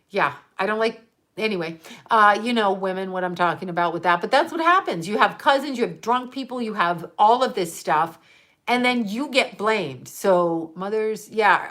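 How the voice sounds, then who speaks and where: A woman's voice: a little high, fairly bright tone. A woman hosting a casual livestream, chatting and rambling with frequent laughs. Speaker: livestream host.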